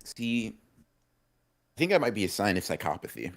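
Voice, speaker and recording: A man's voice: lowish voice, very animated, normal speed, creaky, no room sound. A man co-hosting a casual live-streamed podcast, making dry, teasing remarks. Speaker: podcast co-host.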